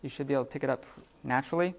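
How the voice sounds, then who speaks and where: A man teaching a Greek class in a classroom, in an informal, halting manner with many fillers. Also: mid-range voice. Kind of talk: classroom lecture.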